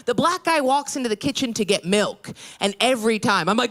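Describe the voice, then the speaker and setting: A woman's voice: fairly high pitch, animated, brisk, hardly any pauses, noisy background. Brash, crude female stand-up comic. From New York state, USA. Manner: brash, crude, self-deprecating. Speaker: stand-up comedian. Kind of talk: stand-up comedy set. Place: comedy stage.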